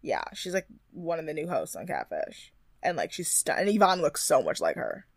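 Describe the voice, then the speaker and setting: Animated young woman chatting. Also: low-pitched, no room sound, clean studio sound. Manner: animated, chatty, quick to laugh. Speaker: podcast co-host. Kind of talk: casual chat recapping a reality show.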